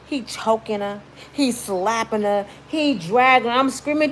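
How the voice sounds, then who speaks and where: Woman, casual storytelling vlog, lively swooping pitch, emphatic and slangy. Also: moderate pace, hardly any pauses, slight background noise. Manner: emphatic, animated, slangy, acts out quotes in shrieks. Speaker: commentary vlogger.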